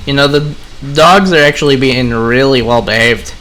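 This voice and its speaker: A young man chats loosely to his audience while he plays, drifting between the game and his thoughts. His voice is bright and forward, with a middle pitch. He rambles in a relaxed, conversational way. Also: moderate pace. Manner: relaxed, rambling, talks to viewers. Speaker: gaming vlogger. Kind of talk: casual commentary while playing.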